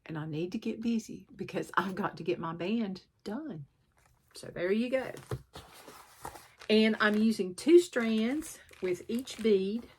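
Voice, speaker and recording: A woman hosting a chatty show-and-tell craft vlog, her voice at an ordinary middle pitch. She rambles and pokes fun at herself as she goes, stopping often to clear a sore throat. A faint hiss sits under the recording. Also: measured pace, a little mellow. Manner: rambling, self-deprecating, frequent throat clearing. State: sore throat, sucking a cough drop. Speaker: cross-stitch vlogger.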